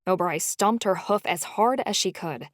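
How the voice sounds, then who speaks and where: A woman narrating a first-person audiobook in an expressive, emotional storytelling style. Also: lowish voice, moderate pace, dry recording, studio quality.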